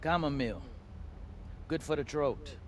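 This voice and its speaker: An actor voicing a soft-spoken, menacing male pirate captain in a video game. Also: on the high side, measured pace, slight background noise, close to an everyday voice. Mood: calm.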